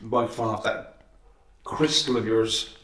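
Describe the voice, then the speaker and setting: A man's voice: lowish voice, fairly even intonation, a little slow, fairly bright tone. A man, the show's producer, chiming in with dry remarks during a casual chat. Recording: echoey, from far off the mic.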